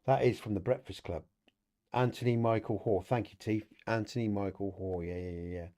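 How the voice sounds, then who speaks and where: Middle-aged guy hosting a chill stream, rambles and laughs, mellow low voice. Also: fairly even intonation, moderate pace. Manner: rambling, chatty, laughs often, talks to viewers in chat. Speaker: podcast host. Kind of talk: casual livestream chat.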